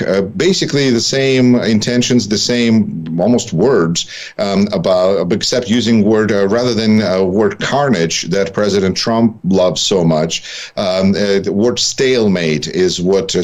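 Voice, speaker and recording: A male co-host gives political analysis in a lowish voice. He speaks haltingly, stopping and restarting often, and drops in wry asides. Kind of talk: analytical commentary.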